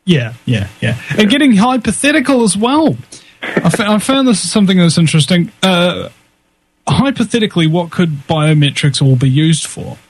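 A man's voice: high-pitched, very animated, moderate pace, no room sound, rough recording. A man hosting a talk radio show in a loose, chatty way, often restarting his words.

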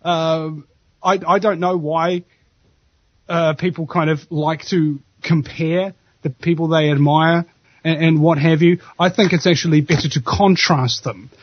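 A man's voice: a little high, fairly even intonation, measured pace, dull audio. A man hosting a radio show, chatting casually and jokily, rambling with stammered restarts. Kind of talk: casual podcast chat.

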